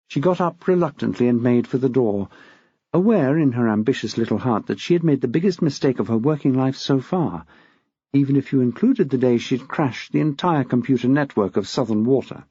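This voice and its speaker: Gravelly male audiobook narrator. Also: mid-range voice, expressive, normal speed, darkish tone, dry recording. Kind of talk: scripted narration. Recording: dull dry lo-fi recording.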